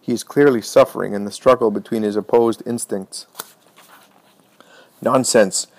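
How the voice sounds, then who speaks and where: Measured male narrator of a religious text. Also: fairly low pitch, fairly even intonation, vocal fry, darkish tone. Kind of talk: dramatized reading of a religious text.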